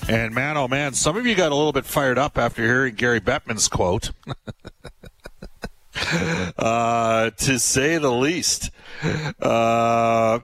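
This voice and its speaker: A man's voice: mid-range voice, slow, a bit bright, no echo, soft background music. A man hosting a sports radio talk show, chatting easily and reading ads in stride.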